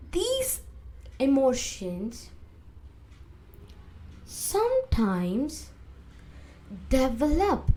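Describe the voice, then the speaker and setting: A young woman hosting a podcast, talking slowly and emotionally about hurt, voicing inner thoughts with sudden rises in loudness. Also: sits high. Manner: slow, emotive, acts out inner voices with big swings in loudness. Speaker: podcast host. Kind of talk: reflective podcast monologue.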